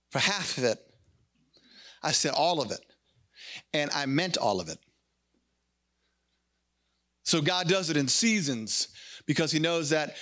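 Male pastor, high bright voice, animated sermon delivery with acted-out exchanges. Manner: animated, acts out little dialogues.

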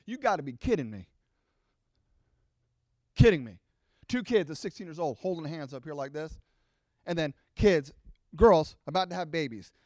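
A middle-aged man preaching a sermon to his congregation, animated and acting out the voices of his listeners. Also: high voice, no room sound, studio quality. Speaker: pastor.

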